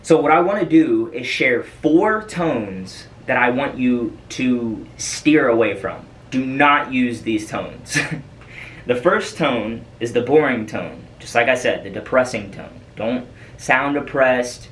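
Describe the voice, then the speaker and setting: Male trainer, casual rambling delivery, mid pitch, recorded off-mic with light background noise. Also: animated, takes it slowly, fairly bright tone, distant mic, low-quality recording. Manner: loose and chatty, many fillers and repeats. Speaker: freight broker trainer. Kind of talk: casual coaching monologue.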